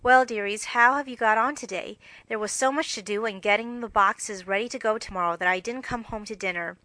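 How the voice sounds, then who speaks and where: A woman's voice: medium pitch, a little fast, bright, forceful tone, dry recording, close to an everyday voice. Woman reading as a cheery, affectionate mother. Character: warm cheery mother of four girls.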